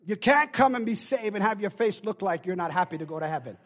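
A man with a high, animated voice preaches a fast sermon, calling on the congregation to answer him and building from quiet talk to loud shouting.

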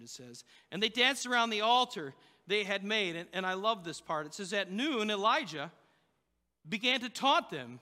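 A man's voice: high-pitched, expressive, normal speed, bright, forceful tone, in a large hall. A man preaching a sermon, telling a story in a loose, conversational way with fillers and restarts. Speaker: pastor.

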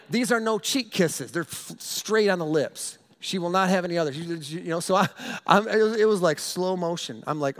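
A middle-aged pastor with a notably high voice delivers a storytelling sermon. He is animated and self-mocking, tripping over and repeating words as he builds to his point. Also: normal speed.

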